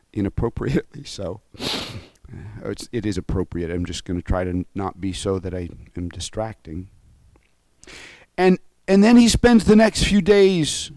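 A man's voice: lowish voice, darkish tone, no room sound. A male pastor giving a conversational sermon. He is earnest and openly moved, and he often halts, restarts and adds asides.

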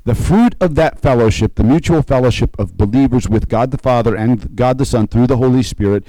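A man preaching a conversational sermon, slowing and rising to stress key points and checking in with his listeners. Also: medium pitch, mellow, dry recording, low-quality recording. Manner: conversational preaching, frequent "okay?" check-ins. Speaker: pastor.

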